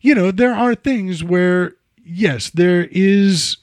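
A man's voice: high-pitched, slow, no room sound, clean studio sound. A man hosting a casual chat, rambling and digressive with many "you know" asides. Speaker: podcast host.

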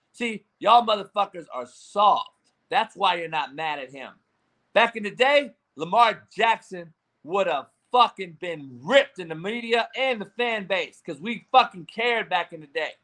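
High-voiced man ranting about sports. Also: lively intonation, measured pace. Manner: profane, combative, shouting bursts. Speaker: sports commentator.

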